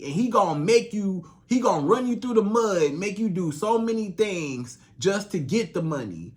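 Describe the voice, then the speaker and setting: High-voiced man giving blunt advice. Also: animated, normal speed, few pauses. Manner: repetitive, emphatic preaching with quoted back-and-forth. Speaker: dating coach. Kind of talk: direct-to-camera relationship advice.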